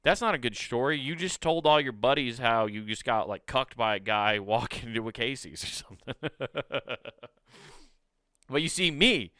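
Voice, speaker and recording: A man's voice: medium pitch, expressive, normal speed, sharp tone, clear, resonant tone, no echo, clean studio sound. A man in his thirties, a comedian hosting his podcast, ranting and cursing through a comic monologue and acting out little scenes. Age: 30s. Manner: profane, ranting, acts out bits in a raised voice.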